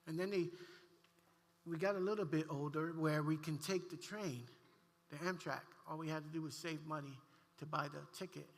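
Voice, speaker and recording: A man preaching a sermon, telling a heartfelt personal story with animated delivery and frequent restarts. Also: on the high side, normal speed. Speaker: pastor. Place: church sanctuary. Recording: long church hall reverb.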